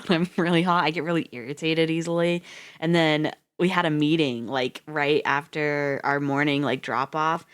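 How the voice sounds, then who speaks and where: A woman's voice: deep voice, fairly bright tone. A woman streamer chatting casually on a reading livestream, rambling and chatty, laughing often and swearing freely.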